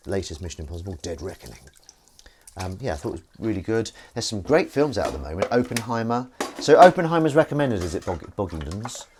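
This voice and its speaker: Man, casual stream host, low voice, bouncy intonation, faint clatter of dishes. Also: a little mellow, a little hiss or hum. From Northern England. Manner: chatty and playful, reading out viewer comments. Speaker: livestream host. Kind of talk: casual live-stream chat. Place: home kitchen while washing up.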